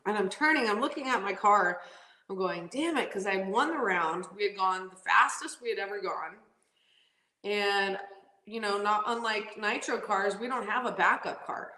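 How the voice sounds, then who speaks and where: A woman's voice: mid-range voice, normal speed, reverberant, rough recording. A woman drag racing driver telling stories in a casual interview, laughing often and acting out what people said. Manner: animated, laughs often, acts out quotes.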